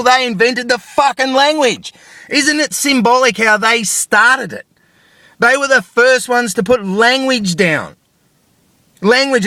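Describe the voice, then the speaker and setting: A man's voice: very high-pitched, bright, forceful tone, dry recording, clean studio sound. A middle-aged man with an Australian accent, ranting angrily to camera with lots of swearing and repeated rhetorical questions. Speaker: vlogger. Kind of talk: angry ranting monologue.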